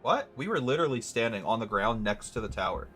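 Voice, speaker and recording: Male streamer, sarcastic gameplay commentary, loud laughing reactions, faint game music underneath. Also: mid-range voice, very animated, fast. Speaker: gaming streamer.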